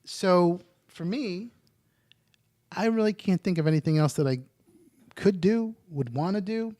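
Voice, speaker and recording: A man's voice: sits high, a little slow, warm tone, no echo, clean studio sound. A man talking casually as a podcast guest, telling stories with joking asides. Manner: chatty storyteller, joking asides. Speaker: guest, addiction interventionist.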